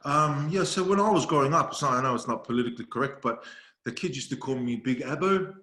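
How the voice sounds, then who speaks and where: A man's voice: mid-range voice, quick pace, roomy sound. A man with an Australian accent, a podcast guest chatting casually and telling stories with laughs. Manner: laughing, storytelling, quotes others in animated voices. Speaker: podcast guest, video creator. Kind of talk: casual chat.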